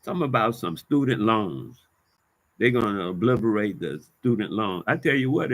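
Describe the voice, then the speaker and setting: A man in a fired-up vlog rant, cursing freely and hammering the same points again and again. His voice sits on the lower side, and he talks in loose, casual street slang. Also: animated, normal speed. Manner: heated, profane, repetitive street talk. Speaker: vlogger. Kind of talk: ranting monologue to camera.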